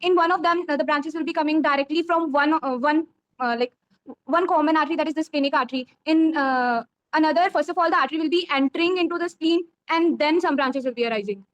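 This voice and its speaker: High hesitant young Indian woman. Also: fast talker, no echo, dull audio. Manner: hesitant, many fillers, apologetic. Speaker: quiz contestant, medical student. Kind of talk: oral exam answers.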